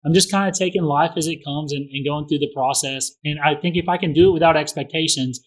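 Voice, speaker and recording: A middle-aged man talks at a rapid clip as a podcast guest, his voice sitting a little above the usual male range. He is blunt and drops swear words freely. He comes across as direct and plainspoken. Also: on the high side, fairly even intonation. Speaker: podcast guest, real estate investor. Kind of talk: casual podcast conversation.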